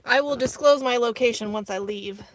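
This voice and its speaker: Camping off grid outdoors, a vlogger chats casually on a live stream from inside her minivan, reading viewer comments out loud and addressing them as "y'all." Her voice is a little high and her pace moderate, with a slight hiss or hum in the recording.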